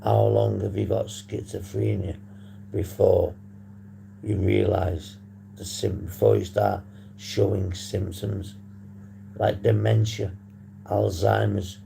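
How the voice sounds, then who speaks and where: Man, from the UK, husky, low gravelly voice, very dark tone, slow rambling live-stream chat, faint hum. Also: steady tone. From United Kingdom. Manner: rambling, swears casually, addresses chat. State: husky voice from a long phone call. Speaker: livestream host on addiction recovery.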